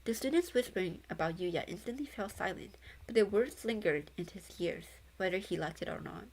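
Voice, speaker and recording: A woman's voice: mid-range voice, lively intonation, a little fast. Chatty young woman reading aloud. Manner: stumbling, self-correcting reading, breaks into chatter. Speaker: VTuber reading a novel aloud. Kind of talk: casual read-along.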